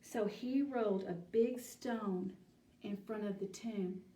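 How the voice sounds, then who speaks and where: A woman teaching a children's Bible study, telling the story slowly and deliberately and asking the children questions. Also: mid-range voice, mellow. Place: church room. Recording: echoey room, mic at a distance.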